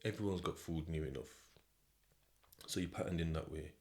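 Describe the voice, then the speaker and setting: A man's voice: very deep voice, moderate pace, vocal fry, a little mellow. A British man hosting a podcast, telling a story in the second person in a casual, slang-heavy way. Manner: slang-heavy, conversational, repeats "do you know what I mean". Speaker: podcast host.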